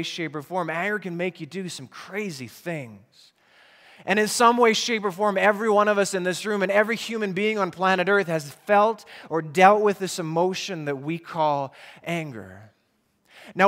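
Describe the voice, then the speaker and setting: A high-pitched man gives a sermon from a church stage, earnest and direct, putting questions to his listeners. His voice rings with a long hall reverb. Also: a bit bright. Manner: earnest, rhetorical questions to the congregation. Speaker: pastor. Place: church sanctuary.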